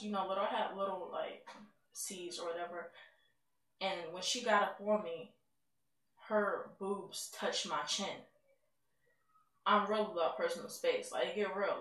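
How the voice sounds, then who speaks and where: A woman's voice: medium pitch, a bit bright. A woman giving a candid, emotional personal testimony in a conversational way. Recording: roomy sound, mic at a distance.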